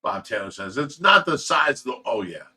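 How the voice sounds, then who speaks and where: A man's voice: medium pitch, sing-song, fairly quick, sharp tone, slightly rough. A middle-aged man hosting a casual livestream, laughing often and reading viewer comments aloud. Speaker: livestream host reading chat. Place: fish room at home.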